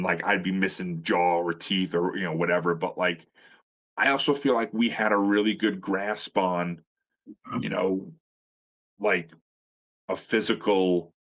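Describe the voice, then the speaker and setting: A man's voice: lowish voice, fairly bright tone. A middle-aged man, a veteran pro wrestler, telling stories in a casual chat with a profane, rambling, sarcastic manner. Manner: profane, rambling storyteller with frequent restarts; sarcastic humor.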